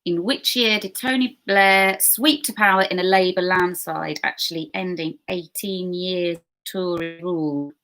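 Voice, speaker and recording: A woman hosting an online pub quiz, reading questions slowly and chatting and giggling with viewers in between. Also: lowish voice, fairly even intonation, fairly bright tone. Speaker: quiz host.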